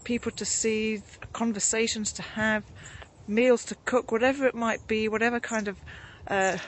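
A woman reverend giving a gentle, musing devotional reflection, a bit out of breath after a morning walk outdoors, with frequent ums and restarts. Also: on the high side, steady tone, normal speed. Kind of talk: informal spoken devotional reflection.

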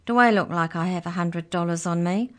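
A woman's voice: sits low, animated, moderate pace. A cranky little talking mouse from a children's story, who turns out to be a tooth fairy, voiced by a woman reading aloud. It talks in an exasperated, matter-of-fact way.

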